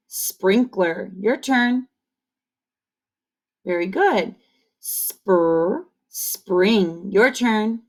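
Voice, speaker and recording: A woman teaching kindergarten phonics on video, drilling sounds slowly and cheering the children on. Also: medium pitch. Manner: slow, encouraging call-and-repeat drilling. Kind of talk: online phonics lesson. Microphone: camera facing the speaker.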